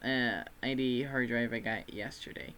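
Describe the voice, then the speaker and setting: A man's voice: medium pitch, fairly even intonation, moderate pace, sharp tone, slight background noise. A young man from Texas with a Texan accent, chatting casually on a livestream in a rambling, self-deprecating way. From Texas, USA. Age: student.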